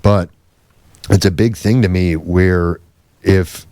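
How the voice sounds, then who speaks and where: A man's voice: low-pitched, fairly even intonation, slow, warm tone, no room sound. A man telling a rambling story on a podcast, swearing freely and acting out what others said. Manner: swearing, rambling, acts out quoted voices. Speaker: podcast host. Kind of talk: casual storytelling chat.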